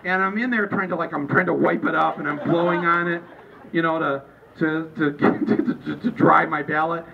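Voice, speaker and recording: A man with a fairly high voice talks casually to a crowd in a store, circling back and restarting his thoughts as he goes. He sounds distant and muffled, with faint room ambience behind him. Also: steady tone, moderate pace, vocal fry, a little hiss or hum. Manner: rambling and conversational, with many restarts. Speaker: author speaking at a book-tour event. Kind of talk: informal talk to a live audience. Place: store during a book event.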